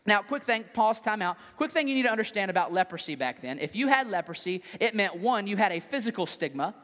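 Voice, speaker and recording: A male pastor preaching a sermon in an animated, joking way. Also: sits high, quick pace. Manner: animated, joking, acts out scenes. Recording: long hall reverb.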